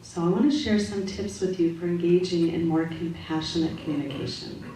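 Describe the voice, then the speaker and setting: Woman, spiritual practitioner, measured sermon-style talk, distant room mic, faint background noise. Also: lowish voice. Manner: calm, measured, gently instructive. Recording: echoey hall audio from far off, faint noise.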